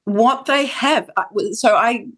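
A woman's voice: fairly high pitch, measured pace, a bit bright. A woman talking through ideas on a discussion show, thoughtful and full of restarts. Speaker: panel guest. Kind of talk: casual discussion.

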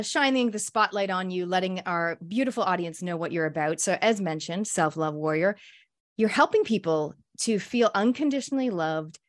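A woman hosting an interview show, talking with effusive, gushing enthusiasm. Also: on the low side. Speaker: show host.

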